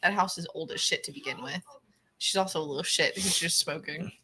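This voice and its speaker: A woman's voice: low voice, brisk, pushed and bright, slight background noise. A woman from the rural Midwest co-hosting a watch-party stream, reading chat and joking bluntly with lots of swearing. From rural Midwest of the United States. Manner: laughs often, swears, blunt. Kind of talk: casual joking commentary.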